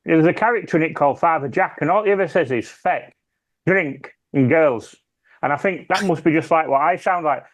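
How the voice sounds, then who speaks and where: A man's voice: on the high side, fairly quick. A British man chatting casually on a podcast, rambling and trailing off as he talks. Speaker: podcast panelist. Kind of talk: casual chat.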